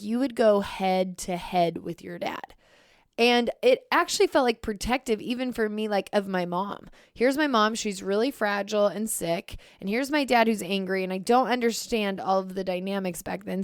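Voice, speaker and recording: A woman co-hosting a podcast, talking in a smooth, clear voice at a middle pitch. She reflects openly and candidly, recorded close and dry with no room sound. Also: dry recording. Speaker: podcast co-host. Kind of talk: casual conversation.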